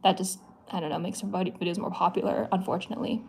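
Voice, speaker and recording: A woman's voice: lowish voice, level tone, racing, creaky, darkish tone, breathy edge. A young woman from the US Midwest hosting a casual livestream, answering chat questions in a chatty, playful way. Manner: chatty, playful, with many likes and giggles.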